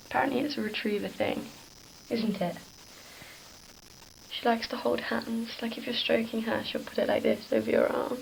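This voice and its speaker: A young woman chatting casually in a vlog, soft, giggly and confiding. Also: a little high, fairly even intonation, moderate pace, vocal fry, long pauses, slight background noise, low-quality recording. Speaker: vlogger.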